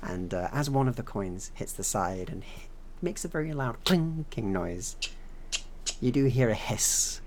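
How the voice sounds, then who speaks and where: A game master narrating a tabletop game in a relaxed way, laughing often and making little sound noises. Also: mid-range voice, a little slow, a little hiss or hum.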